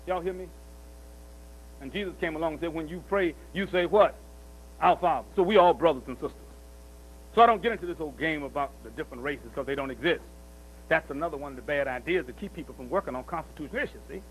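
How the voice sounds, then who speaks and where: A man's voice: a little high, a bit bright, slight background noise, poor audio. A man giving a preaching-style speech at a commemorative celebration, hammering his points with repetition and rhetorical questions.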